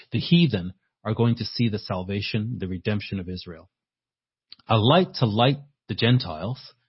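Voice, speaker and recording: A man with a low, husky voice preaches a sermon, building to forceful rhetorical questions and repeating words as he works through a point. The recording sounds dull and lo-fi. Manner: repeats words while thinking.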